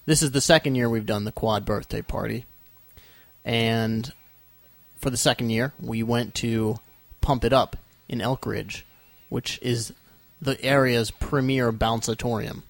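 A man's voice: medium pitch, vocal fry, no room sound. A young man hosting a casual podcast, telling rambling, joking stories into a close microphone. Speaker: podcast host. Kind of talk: casual chat.

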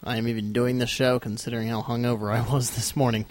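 A young man hosts a chatty podcast, rambling through a joking story. His voice sits at an ordinary pitch and sounds dry and close, with no room around it. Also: little pitch movement, fast, no room sound. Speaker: podcast host. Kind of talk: casual chat.

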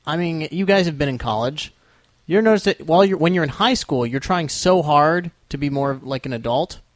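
A man's voice: on the high side, brisk, no echo. A young man hosting a casual podcast, telling rambling, joking stories into a close microphone. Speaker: podcast host. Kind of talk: casual chat.

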